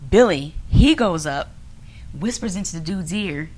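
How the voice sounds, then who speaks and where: A woman co-hosting a podcast, telling a story in casual chat, animated and often laughing, acting out other people's lines. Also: lowish voice, a little slow. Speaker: podcast co-host.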